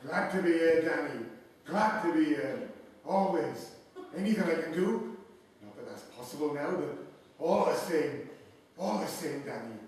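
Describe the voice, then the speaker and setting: A man's voice: a little high, lively intonation, a little slow, darkish tone, a little hiss or hum. A man playing an earnest old colleague, far off. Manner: earnest, repetitive. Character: loyal male longtime colleague, earnest. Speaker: stage actor. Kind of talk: live stage play. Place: small theatre stage. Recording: echoey theatre taped from far off.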